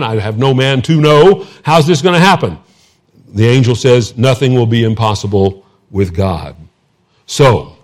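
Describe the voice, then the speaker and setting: Male Texan pastor, mid-high voice, conversational sermon with deliberate scripture reading. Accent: Texas. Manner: conversational, asides and self-deprecating humor; reads scripture slowly and deliberately. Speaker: preacher.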